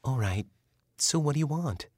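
A tired older mother with a blunt, nagging edge, put on by a male narrator. Her voice sits well above a low male register, with a dry, close sound. She sounds worn out and easily exasperated. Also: lively intonation, normal speed, no room sound, close to an everyday voice. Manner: sharp-tongued, nagging.

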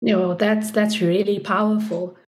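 A woman interviewing an artist in a relaxed way, encouraging him and hesitating with fillers as she frames her questions. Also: mid-range voice, a little slow. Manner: encouraging, with frequent affirming murmurs and hesitant fillers. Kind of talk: casual interview conversation.

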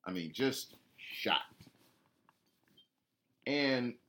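A man's voice: mid-range voice, animated, extremely slow, bright, forceful tone. A man talking casually about training his dog, rambling with frequent restarts and fillers. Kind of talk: casual spoken monologue.

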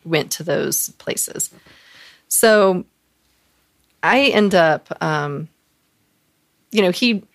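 A woman podcast co-host, telling a candid personal story, animated and full of fillers, acting out the voices of people she quotes. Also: low-pitched, creaky, no echo.

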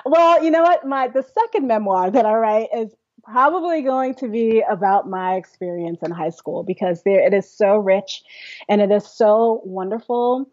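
A woman's voice: medium pitch, expressive, normal speed, darkish tone, dry recording, highs cut off. A young adult woman, a classical singer, telling her story in a casual interview, laughing often and acting out quotes. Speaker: interview guest.

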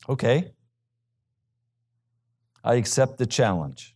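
A male pastor preaching a sermon with emphasis, swinging from loud high peaks to low quiet asides. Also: lively intonation, measured pace.

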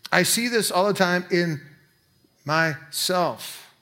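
A pastor preaching a sermon in a conversational way, breaking into quick asides. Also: male voice, sits high, lively intonation, bright, forceful tone.

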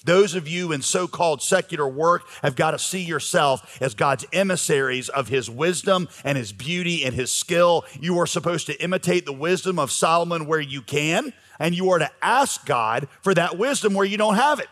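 Pastor preaching in a reverberant hall. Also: male voice, fairly high pitch, expressive, moderate pace, few pauses, a bit bright. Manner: conversational preaching with frequent fillers. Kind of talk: sermon. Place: church sanctuary. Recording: long reverb of a large hall.

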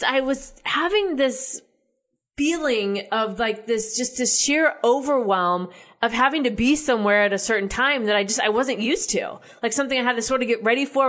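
A young adult woman from the United States, with a fairly bright, higher voice, talks through her thoughts in a casual monologue. She's chatty and leans heavily on "like" and "right?".

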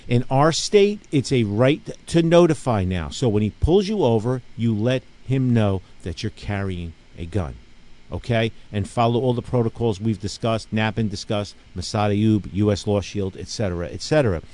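A middle-aged man who hosts a casual radio talk show and owns a gun range speaks in a warm, lowish voice with lively intonation at a moderate pace. He talks emphatically, rambling through stories, restarting often and checking in with frequent "okay?"s.

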